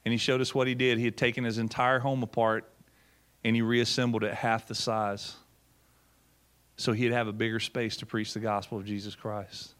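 A man's voice: on the low side, level tone, moderate pace, a bit bright. A middle-aged man, a pastor, telling a story in a sermon in a folksy way, acting out quotes and often repeating words. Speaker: pastor and former missionary.

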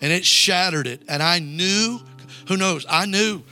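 High, bright-voiced evangelist preaching a sermon. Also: male voice, unhurried, faint music behind. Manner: call-and-response preaching, urging the crowd to repeat lines. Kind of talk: revival sermon. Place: church sanctuary.

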